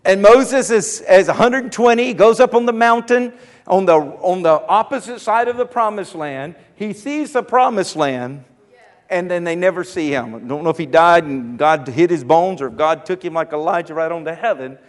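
High-pitched preacher guy, emphatic, lots of repeating, church hall echo. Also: normal speed. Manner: preachy, rising to emphatic calls and repetition. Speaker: pastor. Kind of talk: sermon. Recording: hall reverb.

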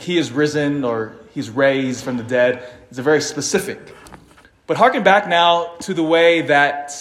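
Male preacher, slightly higher voice, animated sermon delivery with loud peaks and hushed asides. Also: echoey room. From Philippines (family). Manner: animated, dramatic swings between loud emphasis and quiet asides.

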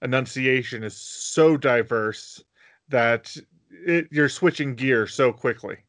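A man's voice: mid-range voice, slow, a bit bright, dry recording. A man co-hosting a podcast, explaining at length in casual chat and acting out quoted lines. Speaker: podcast co-host.

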